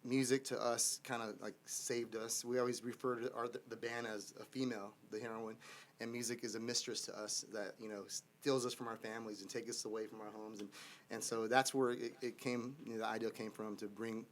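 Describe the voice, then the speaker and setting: A man's voice: lowish voice, level tone, a little fast, slight background noise. A man from the band answering interview questions in a radio studio, rambling and restarting as he talks. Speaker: band member. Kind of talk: casual interview talk.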